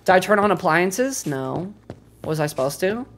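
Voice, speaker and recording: A woman streaming a cooking game, excitable and foul-mouthed, talking to her chat and flaring into loud exclamations when flustered. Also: on the low side, normal speed, music in the background. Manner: excitable, swears a lot, talks to chat. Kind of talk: live gameplay commentary.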